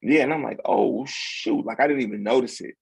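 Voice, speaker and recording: A man in his forties tells his story in a gravelly, husky low voice, close and dry. He acts out the nurses, the doctor and his friend with easygoing street slang. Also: very fast, no room sound. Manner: animated, acts out quotes with slang. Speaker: podcast guest. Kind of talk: casual storytelling.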